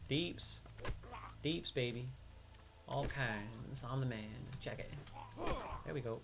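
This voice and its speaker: A man's voice: mid-range voice, takes it slowly, vocal fry. A man from upstate New York giving live, slangy commentary while playing an online game with a teammate. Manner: excitable, slangy banter with a teammate. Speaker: streamer.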